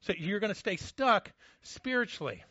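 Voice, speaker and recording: Male pastor, conversational sermon with self-mocking humor, bright forceful tone. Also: sits high, big pitch swings, moderate pace, dry recording, highs cut off.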